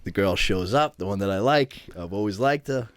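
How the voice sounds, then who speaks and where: A man's voice: on the low side, normal speed, no echo. A man telling a long funny story as a podcast guest, acting out the other people's voices as he goes. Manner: animated, acts out voices in his stories. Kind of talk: casual storytelling.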